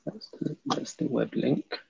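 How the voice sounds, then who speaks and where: A man's voice: mid-range voice, very animated, unhurried, vocal fry, darkish tone, breathy edge, dry recording. A man hosting a casual livestream, chatting and muttering to himself as he reads comments and sets up links. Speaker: livestream host. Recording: dull lo-fi dry sound.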